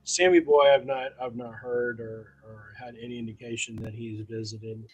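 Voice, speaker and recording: A man's voice: mid-range voice, steady tone, normal speed, husky, highs cut off. A man hosting a casual streamed chat, easygoing and agreeable. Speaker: host. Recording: faint music behind.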